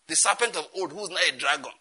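A Nigerian man preaching with a high, husky voice that leaps up and down in pitch. His tone is sharply bright and forceful as he fires rhetorical questions and keeps laughing between points. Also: expressive, quick pace. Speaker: pastor. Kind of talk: sermon.

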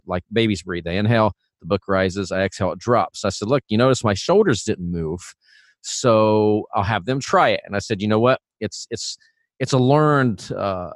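A man teaching singing in a relaxed, chatty way, full of fillers and restarts. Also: fairly low pitch, dry recording, clean studio sound. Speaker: vocal coach. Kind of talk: casual instructional talk.

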